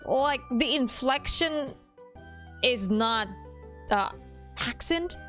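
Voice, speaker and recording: A woman's voice: high voice, lively intonation, drawn-out words, a bit bright, soft background music. A woman streaming a visual novel, chatting casually, swearing freely, laughing often and nerding out about languages. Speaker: game streamer. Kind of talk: casual live gaming commentary.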